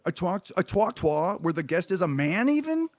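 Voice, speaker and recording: A man's voice: sits high, big pitch swings, normal speed, no echo. A man streaming a reaction, ranting in an exasperated, sarcastic, profane way about what he watches.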